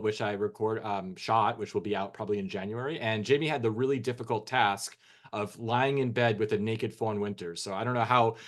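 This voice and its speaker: An upbeat man hosts a podcast, hyped and laughing easily. His voice sits in an ordinary middle pitch. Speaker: podcast host. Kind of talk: casual chat.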